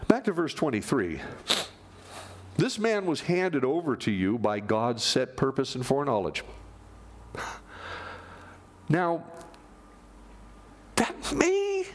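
A man preaching a sermon, animated, moving from loud emphasis down to near-whispers. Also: mid-range voice, slight background noise. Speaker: pastor.

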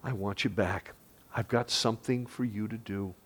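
A male pastor preaching a sermon in an earnest, conversational way, with dramatic drops to a hush. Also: on the low side, fairly even intonation, normal speed, breathy edge.

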